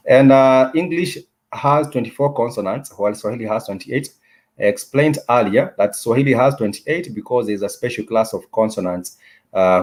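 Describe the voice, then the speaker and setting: Patient and unhurried, a man teaches a casual online language lesson, slowly repeating key words and often restarting with hesitant fillers. His voice sits on the low side and sounds a little mellow.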